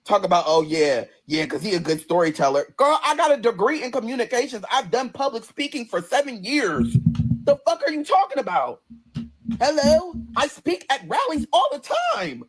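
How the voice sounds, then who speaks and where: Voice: medium pitch, big pitch swings, normal speed, breathy edge. A person ranting on a livestream in a combative, profane, sassy way, straight into a phone.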